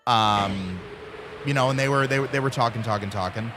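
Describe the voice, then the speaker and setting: With music playing underneath, a thirtysomething male streamer spins a rambling, casual story at normal speed in a mid-range voice. It's packed with fillers, and he acts out his friends' voices along the way.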